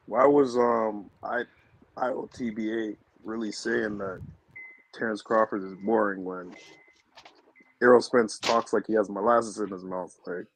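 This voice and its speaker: A man's voice: fairly low pitch, fairly even intonation, measured pace, dry recording, rough recording. A man on a podcast debate who asks pointed, incredulous questions. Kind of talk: heated casual debate.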